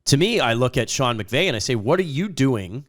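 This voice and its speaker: A man co-hosting a casual sports talk show, his voice still a little raspy from an illness, chatty and opinionated. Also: medium pitch, big pitch swings, a little fast. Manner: chatty, opinionated, jokes at himself. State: lingering raspy voice after an illness. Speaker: co-host.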